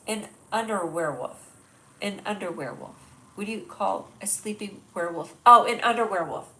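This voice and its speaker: A young woman hosts a loose live stream, her voice a bit stuffed up from a blocked nose. She rambles, second-guesses herself and laughs at her own expense while she puzzles over jokes from the chat. Her pitch sits at an ordinary middle height for a woman. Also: fairly quick, bright, forceful tone, low-quality recording. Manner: rambling, self-deprecating, reads chat jokes aloud. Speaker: host. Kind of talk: casual livestream chat.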